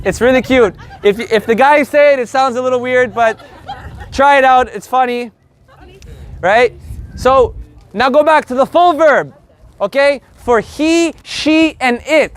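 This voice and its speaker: A man teaching a live group Spanish lesson in an energetic, joking, profane way. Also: extremely high pitch.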